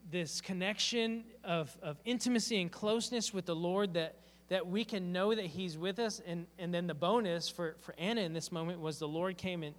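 Man, pastor, sermon, earnest heartfelt storytelling, slightly high voice, long reverb in a church hall.

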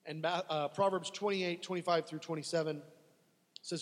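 A man's voice: on the high side, steady tone, normal speed, in a large hall. A man preaching a sermon, dramatic and acting out desperate pleas to God as he teaches.

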